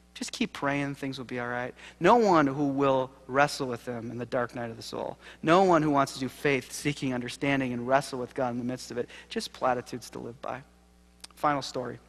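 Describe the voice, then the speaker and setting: A man, a seminary professor, giving a keynote lecture, telling stories with animated, self-deprecating humor. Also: mid-range voice. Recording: long hall reverb.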